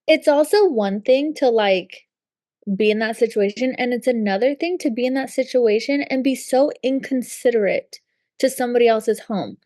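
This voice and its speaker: A woman's voice: a little high, normal speed, dark tone, no room sound. A young woman co-hosting a podcast in casual chat, emphatic and agreeing, filling her talk with "like". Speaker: podcast co-host.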